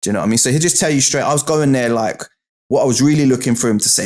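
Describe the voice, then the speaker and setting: Speaking very fast in a medium-pitched, darkish voice, this British interview guest from the United Kingdom spins stories full of slang. He keeps checking in with "do you know what I mean."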